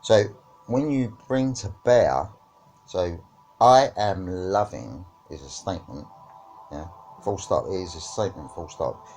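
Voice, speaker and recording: A man's voice: deep voice, expressive, measured pace, warm tone, slight background noise. A man teaching about witchcraft and spirituality in a reflective discussion, often checking in with "right?" and "yeah?".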